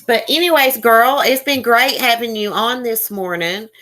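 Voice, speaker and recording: A woman's voice: fairly high pitch, moderate pace, pushed and bright. A woman hosting a casual live stream, chatting folksily with her guest and viewers. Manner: chatty, folksy, addresses chat viewers by name.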